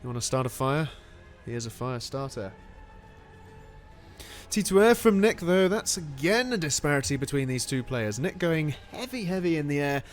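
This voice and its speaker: A man giving excitable, animated play-by-play commentary on a strategy game. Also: fairly high pitch, a little fast, few pauses, soft background music.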